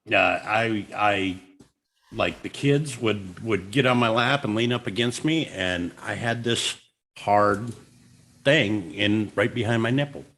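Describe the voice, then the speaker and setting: Halting man telling a story on a stream. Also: lowish voice, fairly bright tone. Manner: halting storyteller, repeats and restarts a lot. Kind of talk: casual livestream chat.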